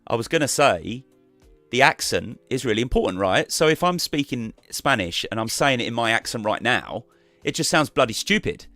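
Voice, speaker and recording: A man's voice: mid-range voice, lively intonation, moderate pace, bright, forceful tone, no room sound, soft background music. A man chatting casually as a guest on a live stream, rambling and restarting his sentences.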